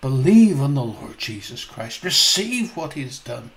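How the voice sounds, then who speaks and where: Animated, slow-spoken male preacher. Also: medium pitch, poor audio. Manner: animated, emphatic, asks listeners questions. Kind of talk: sermon storytelling.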